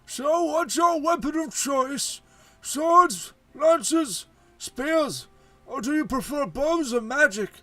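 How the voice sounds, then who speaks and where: A man's voice: very high voice, animated, takes it slowly, bright, forceful tone, dry recording, faint music behind, voice pushed up, heavily acted. A man voicing a cheerful game villager who gives weapon tips in a sing-song way. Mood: chirpy.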